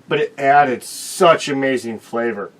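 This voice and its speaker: Man, mid-pitched, co-hosting a casual talk show; animated, tells stories. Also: measured pace, low-quality recording. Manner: animated storyteller. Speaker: co-host. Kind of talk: casual chat.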